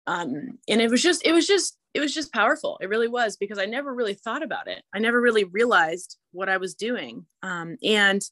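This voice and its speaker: Young female co-host, reflective and halting, dry sound. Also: mid-range voice, expressive, fairly bright tone, dry recording. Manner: reflective, halting, many restarts. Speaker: podcast co-host. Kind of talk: casual faith conversation.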